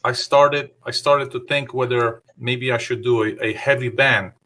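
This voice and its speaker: A man with a bright, forceful voice tells long stories as a guest on a video call. He rambles through them with plenty of fillers. He quotes what he said back then. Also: medium pitch, fairly even intonation, normal speed. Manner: rambling anecdotes with many fillers; acts out his own past remarks in quotes. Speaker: guest guitarist. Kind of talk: casual interview storytelling.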